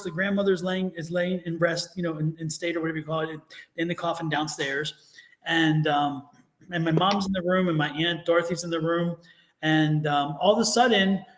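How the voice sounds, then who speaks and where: A man co-hosting a tarot reading stream, telling stories in a lively, animated way and laughing often. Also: high voice, roomy sound. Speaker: tarot reader co-host. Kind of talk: casual live-stream chat.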